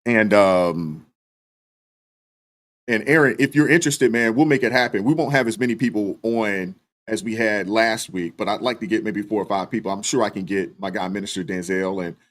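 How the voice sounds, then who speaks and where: Low-voiced guy doing a chill live stream, reading super chats, lots of ums. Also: moderate pace. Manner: relaxed, many fillers, thanks viewers by name. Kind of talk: casual live stream commentary.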